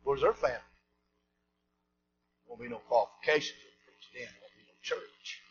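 A man preaching a sermon, swinging between shouted preaching and low asides. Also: normal speed, muffled recording, a little hiss or hum.

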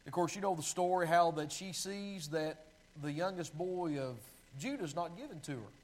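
A man's voice: fairly high pitch, lively intonation, moderate pace, poor audio. A man preaching a sermon, reading long scripture passages aloud in a pleading voice and often stopping to correct himself while finding his place. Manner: reads scripture aloud with pleading, sinking delivery; restarts and self-corrections while finding verses.

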